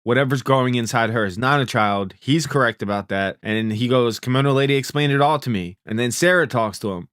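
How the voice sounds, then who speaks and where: A man's voice: medium pitch, fairly quick, hardly any pauses, a bit bright, clear, resonant tone, no echo, studio quality. A man casually recapping a TV series episode, laid-back and profane, loosely paraphrasing what the characters say. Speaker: TV recap host.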